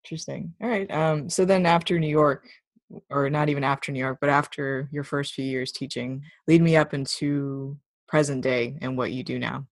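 Male interviewer, gravelly, dry close sound, relaxed and joking. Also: medium pitch, normal speed, no room sound. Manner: relaxed, laughs easily, brief backchannels. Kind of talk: casual interview conversation.

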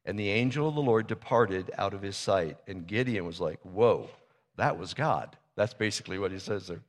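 Conversational preacher in a reverberant hall. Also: male voice, fairly low pitch, a little fast. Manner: storytelling, conversational, acts out biblical dialogue. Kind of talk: sermon.

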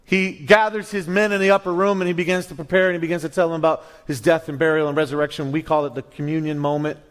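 A middle-aged male pastor preaching a sermon, animated and storytelling, acting out little voices with many restarts. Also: a little high, quick pace.

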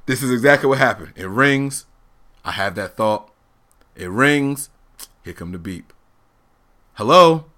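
A man in his thirties telling a family story on a casual talk show, animated and laughing often as he acts out the people in it. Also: lowish voice, measured pace, pauses often. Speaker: podcast host telling a story.

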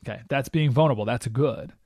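A man's voice: medium pitch, fast talker, darkish tone, no room sound, clean studio sound. A man hosting a radio talk show, giving an emphatic, opinionated monologue and acting out the voices he quotes. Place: radio studio.

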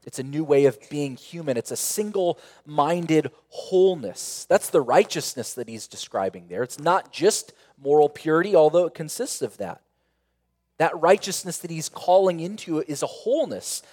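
A man pastor preaching a sermon, earnest, with rhetorical questions and repeated phrases, swelling to emphatic peaks and then falling quiet and intimate. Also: on the high side, big-room sound.

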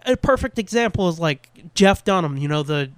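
A man co-hosting a podcast, chatting casually with lots of swearing and quick voice impressions. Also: fairly high pitch, smooth, dry recording. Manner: animated, swears a lot, mimics voices. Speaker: podcast co-host. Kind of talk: casual profane chat.

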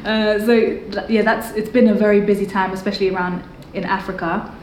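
A young woman with a London accent, chatting as an interview guest, quick to laugh and lively. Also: medium pitch, slight background noise. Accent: London English. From England. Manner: laughs often, animated storyteller. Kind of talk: casual interview chat. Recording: echoey room with faint music.

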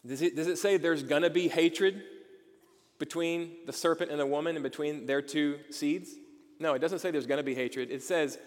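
A man preaching a sermon as pastor, emphatic and asking his listeners rhetorical questions, with frequent checks of "okay?". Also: a little high. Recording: long hall reverb.

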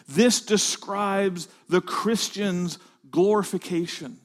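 Guy preaching to pastors, fairly high voice, slow deliberate delivery, gets loud then goes hushed. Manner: builds to loud emphatic peaks, drops to hushed phrases. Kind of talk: sermon to pastors.

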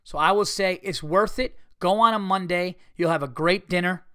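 Profane, animated storytelling man. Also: high voice, moderate pace, smooth, no room sound, clean studio sound. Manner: animated, profane, retells scenes with quoted voices. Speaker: podcast host. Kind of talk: casual storytelling monologue.

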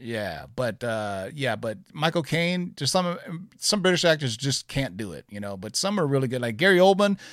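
A man's voice: medium pitch, big pitch swings, moderate pace, hardly any pauses, a bit bright, no room sound. Male co-host, rambling casual chat, plenty of fillers, dry close sound. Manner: rambling, many fillers and restarts. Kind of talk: casual chat about comics and movies.

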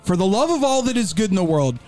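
A man co-hosting a sports talk show, ranting with animated mock quotes in a studio. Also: high-pitched, quick pace, soft background music. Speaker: co-host.

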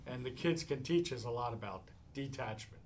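Answering questions during a live session, a male meditation teacher tells stories with animation and chuckles frequently. He speaks at a medium pitch and a moderate pace.

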